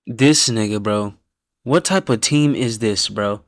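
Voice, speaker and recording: A man hosts a live reaction stream about viewers' fan-picked football teams, speaking a little slowly, loud and blunt, swearing freely and laughing often. His voice drops to a low mumble when he reads out names, then he bursts out with his verdict again. The sound is close and dry, with no room echo at all.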